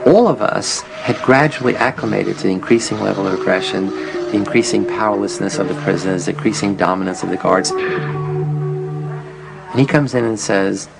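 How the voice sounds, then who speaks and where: A man's voice: fairly low pitch, big pitch swings, moderate pace, gravelly, over loud music, low-quality recording. A man interviewed for a documentary, telling the story reflectively and acting out the dialogue he quotes. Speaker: interviewee recalling the experiment he ran.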